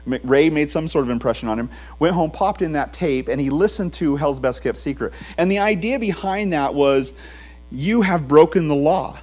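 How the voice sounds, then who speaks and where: A man's voice: a little high, normal speed, a little mellow, rough recording. Man preaching a conversational sermon. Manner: conversational, emphatic preaching with restarts. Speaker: pastor.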